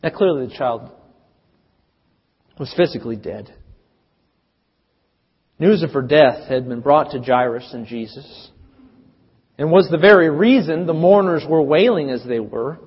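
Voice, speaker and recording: A man preaching a sermon, telling the story dramatically with big swings in loudness. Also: fairly high pitch, expressive, a little slow, pauses often, husky. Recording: dull sound with long reverb.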